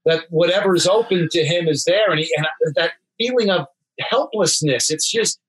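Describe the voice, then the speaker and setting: A man's voice: sits high, moderate pace, fairly bright tone, husky, rough recording. A man co-hosting a casual talk, asking eager, rambling questions full of filler words. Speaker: co-host. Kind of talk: casual chat.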